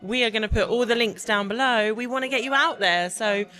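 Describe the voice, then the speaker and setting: A woman interviewing a guest at an event, chatty and encouraging, full of quick affirmations. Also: fairly high pitch, pushed and bright.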